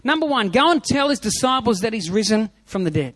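A man preaches with fervent emphasis, repeating key lines for effect. His voice sits high for a man. The sound is close and dry, with no room around it. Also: sing-song, brisk, a bit bright, no echo. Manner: emphatic preaching with repeated phrases and a told joke. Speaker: pastor. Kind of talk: Easter sermon.

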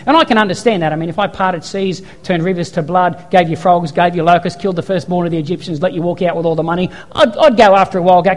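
A pastor preaches a sermon in a high voice, talking fast with few pauses, and a long reverb tail trails his words. He tells stories, acts out quotes and hammers his points home through emphatic repetition.

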